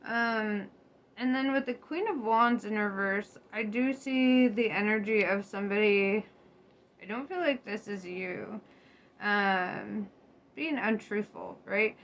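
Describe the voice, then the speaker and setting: A woman's voice: mid-range voice, slow pace, fairly bright tone. A young woman giving a casual tarot reading to her viewers, chatty and loose, laughing often and swearing freely. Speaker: tarot reader. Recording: faint background noise.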